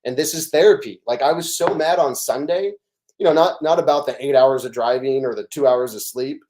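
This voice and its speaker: Middle-aged guy on a podcast, rambly animated storyteller, ordinary mid pitch. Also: a little fast. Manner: animated storytelling, fillers and restarts. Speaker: podcast guest. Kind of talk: casual chat.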